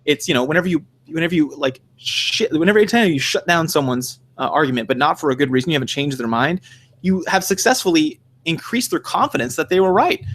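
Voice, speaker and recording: Male podcast co-host, quick and rambling delivery, pitched a bit high, swears freely and voices the people he quotes. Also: animated, a bit bright. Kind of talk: casual podcast discussion.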